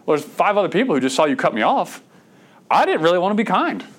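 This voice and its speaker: A man's voice: sits high, sing-song, quick pace, a bit bright. A middle-aged man, preaching a sermon in a conversational way, with stammered restarts and bursts of emphasis. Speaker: pastor.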